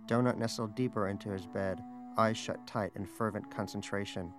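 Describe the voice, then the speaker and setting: A man's voice: on the low side, fairly even intonation, moderate pace, music in the background. A man narrating a storybook aloud with a dry, wry delivery. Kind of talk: storybook reading.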